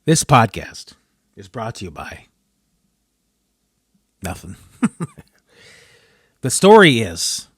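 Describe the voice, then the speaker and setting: A man's voice: mid-range voice, big pitch swings, slow pace, pauses often, slightly rough, no room sound. A man hosting a solo podcast, rambling and frustrated, often breaking off mid-sentence. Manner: frustrated, rambling, self-interrupting. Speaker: podcast host.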